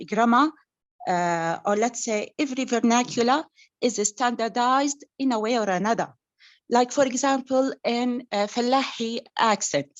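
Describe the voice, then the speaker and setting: A woman making an academic comment in an online seminar. She speaks hesitantly, with many fillers. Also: fairly high pitch. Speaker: audience member commenting. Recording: muffled lo-fi video call audio.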